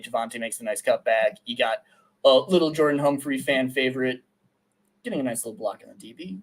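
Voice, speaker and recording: A young man co-hosting a sports podcast, breaking down game film in excitable casual chat, with lots of "like" fillers and casual swearing. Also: mid-range voice. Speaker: podcast co-host and film analyst.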